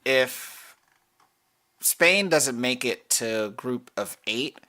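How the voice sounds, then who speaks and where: A man co-hosting a casual podcast, working through sports predictions at an unhurried pace. He rambles, stops to correct himself and scatters fillers as he goes. His voice sits at an ordinary pitch for a man. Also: animated, sharp tone. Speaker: podcast co-host. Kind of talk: casual chat about soccer picks.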